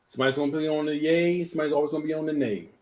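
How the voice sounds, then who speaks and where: A man's voice: a little high, fairly even intonation, very fast, a little mellow. Host man thinking aloud, restarting phrases. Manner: thoughtful, repeats words when starting a thought. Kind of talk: casual conversation on a live show.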